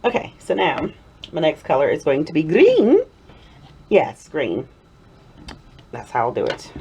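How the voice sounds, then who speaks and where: A woman's voice: low voice, a little slow, vocal fry, pauses often, slight background noise. A middle-aged woman hosting a soap-making video, chatting and giggling through rambling asides, sometimes slipping into a playful Southern drawl. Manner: drifts into a playful Southern drawl when excited. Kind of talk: casual chat while crafting. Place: home workshop.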